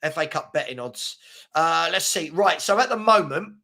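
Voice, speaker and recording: A man's voice: on the high side, animated, moderate pace, pushed and bright. A man hosting a casual live football chat, reading out viewer comments in a rambling, slangy way and repeating himself. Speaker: football chat show host.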